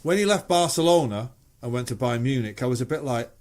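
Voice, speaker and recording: With an expressive, medium-pitched, darkish voice and a slightly quick pace, a middle-aged musician with a Mancunian accent chats casually as a guest. He shares stories, curses freely and voices the characters he quotes.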